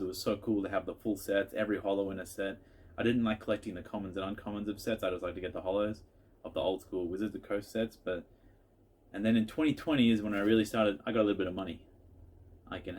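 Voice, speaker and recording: A man's voice: low voice, slightly rough. A man in a casual home vlog, answering viewer questions in a chatty, rambling way with frequent restarts.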